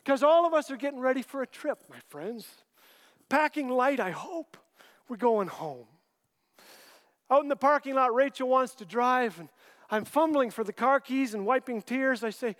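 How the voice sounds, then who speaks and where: A middle-aged man telling gentle, wry family stories with dry punchlines. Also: very high voice, lively intonation, moderate pace, in a large hall. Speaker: Christian humorist and author. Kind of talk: storytelling talk.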